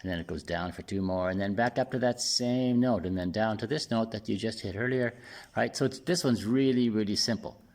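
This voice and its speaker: A man giving a casual singing lesson, explaining step by step and often checking in with "right?" while playing a bass guitar. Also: brisk, darkish tone. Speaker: singing teacher.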